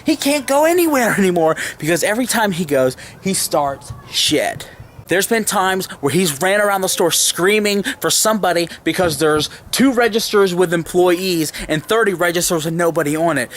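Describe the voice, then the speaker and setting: A man's voice: a little high, animated, normal speed, a bit bright, a little hiss or hum. A man hosting a vlog, narrating in a blunt, matter-of-fact way. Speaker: host and narrator.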